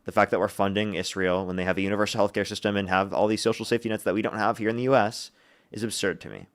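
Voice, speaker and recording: A man hosting a live political debate, calm and argumentative, with frequent "like" and "um" fillers. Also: on the low side, very fast. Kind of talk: casual debate.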